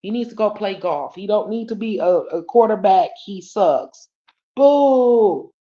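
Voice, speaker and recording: At medium pitch and a moderate pace, a livestream host from Detroit, USA tells an easygoing story from home. Blunt and foul-mouthed, she sprinkles in slang and keeps speaking directly to her viewers, with the audio coming through dull and lo-fi.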